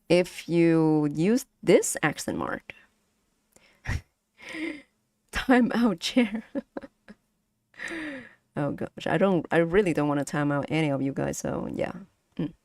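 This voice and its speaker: Casual streamer, woman, patient lesson delivery, unhurried, dead dry close sound. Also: deep voice, very animated, darkish tone, no echo. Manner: slow, patient, breaks into sung syllables and laughs. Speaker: streamer teaching Vietnamese.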